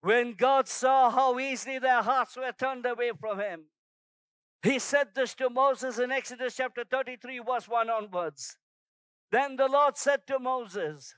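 A man's voice: very high-pitched, normal speed, fairly bright tone, no echo, low-quality recording. A man preaching a sermon, emphatic and exhorting, driving points home by repeating phrases.

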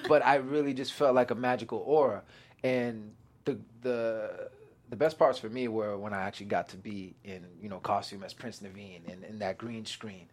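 A young man chatting as a guest actor in an interview, excitable, laughing often and acting out his own quotes. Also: lowish voice, moderate pace. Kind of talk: casual interview chat.

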